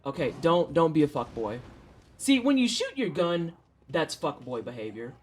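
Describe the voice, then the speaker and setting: Here the St. Louis streamer, in their thirties, has a mid-range, sing-song voice at normal speed, slightly mellow with a breathy edge. The live-stream talk with chat is casual and joking, laced with swearing and slangy trash talk.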